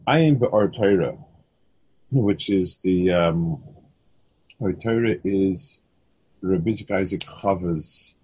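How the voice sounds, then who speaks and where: A man's voice: deep voice, a little mellow, breathy edge. A man teaching a Torah text study, often stumbling and repeating words, weaving Hebrew terms into his English. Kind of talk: halting text study lesson.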